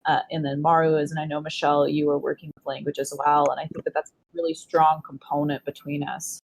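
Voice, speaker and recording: Thoughtful lower-voiced woman. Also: little pitch movement, fast, gravelly, darkish tone, a little hiss or hum. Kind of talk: casual panel chat.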